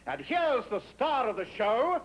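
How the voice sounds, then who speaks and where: A man's voice: very high-pitched, big pitch swings, measured pace, highs cut off. A man making a polite, formal studio announcement to an audience. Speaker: producer and announcer. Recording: old TV audio with faint hiss.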